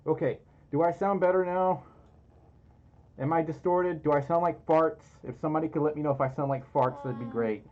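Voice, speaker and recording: A man's voice: mid-range voice, moderate pace, a little mellow. A man hosting a casual livestream, chatty and giggly, reading out donations through a muffled mic. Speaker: livestream host. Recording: muffled lo-fi audio.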